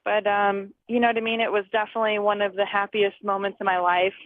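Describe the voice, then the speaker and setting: Talking fast with little pitch movement, this medium-pitched woman in her twenties is a fighter guest on a phone interview. She laughs a lot and acts out conversations as she chats. The tinny phone line sounds dry.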